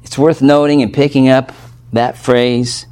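A male pastor with a voice of ordinary, middling pitch delivers an expository sermon. He speaks earnestly and with emphasis, stressing key words and checking in with his congregation as he works through the text. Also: little pitch movement, measured pace, darkish tone, smooth.

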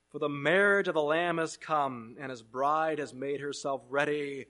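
A man preaching a sermon, reading scripture aloud and swinging between loud proclamation and hushed asides. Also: fairly high pitch, steady tone, normal speed, few pauses.

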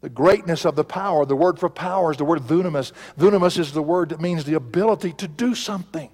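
A man preaching a sermon in a church sanctuary, emphatic, swinging between soaring lines and hushed ones. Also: a little high, quick pace. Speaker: pastor. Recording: long church reverb.

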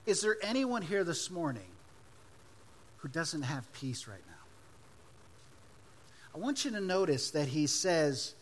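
Male preacher, higher-pitched, emphatic sermon delivery. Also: sing-song, slow, long pauses. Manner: emphatic preaching, swinging between loud and hushed. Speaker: pastor.

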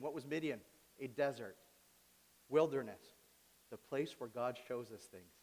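A male pastor preaching a sermon, swinging between quiet asides and loud, pleading outbursts. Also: medium pitch, moderate pace, creaky, long pauses. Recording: long reverb of a large hall.

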